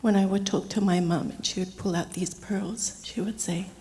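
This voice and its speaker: A middle-aged woman speaking gently and slowly as she shares a heartfelt memorial tribute for her uncle. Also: medium pitch, fairly even intonation. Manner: gentle, slow and heartfelt storytelling. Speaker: niece giving a eulogy. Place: memorial service hall. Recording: long hall reverb.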